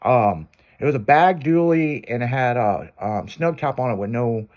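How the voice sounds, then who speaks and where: A man's voice: mid-range voice, lively intonation, normal speed, a little mellow. A man hosting a radio show, telling a long crude story in loose casual talk.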